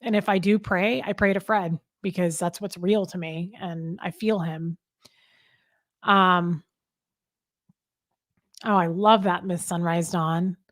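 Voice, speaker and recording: A woman's voice: lowish voice, steady tone, slow pace, long pauses, dry recording, clean studio sound. Heartfelt woman chatting on a live stream. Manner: heartfelt, rambling, with many ums. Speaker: host of a live chat. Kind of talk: casual live-stream chat reading comments.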